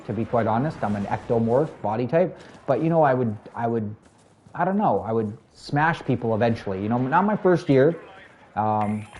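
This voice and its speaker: A man's voice: medium pitch, darkish tone. Chatty young man streaming, rambling. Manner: rambling, chatty, repeats phrases. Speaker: livestreamer. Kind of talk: casual chat with viewers.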